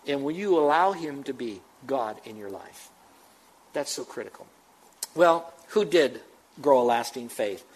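A man's voice: medium pitch, animated, unhurried, rough recording. A man preaching a sermon as pastor, emphatic and full of rhetorical questions to his congregation.

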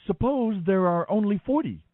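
A man's voice: high voice, lively intonation, moderate pace, phone-quality sound, pitched above the performer's own voice. A man reading scripture, voicing a humble old man who pleads and bargains. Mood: pleading.

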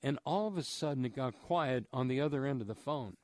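A man's voice: mid-range voice, expressive, fairly quick, a little mellow, no echo. A man telling a story and urging listeners to give, in an earnest, preacher-like manner on a radio fundraising show. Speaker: charity fundraiser guest on radio.

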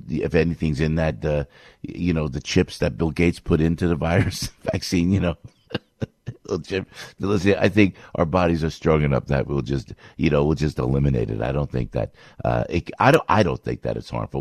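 A man's voice: rumbling low, darkish tone, no echo, studio quality. An older man ranting in political commentary, rambling and exasperated, with frequent stops and restarts.

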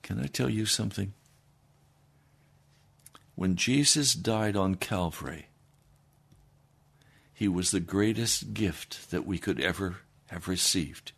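Slow-talking guy preaching a sermon, dramatic, loud then hushed. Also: creaky, breathy edge. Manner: dramatic, swinging between loud declarations and hushed low passages.

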